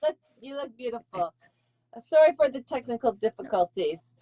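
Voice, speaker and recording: High-voiced bubbly woman host. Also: animated, moderate pace, mellow, highs cut off. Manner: bubbly, encouraging, laughs often. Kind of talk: live video call interview.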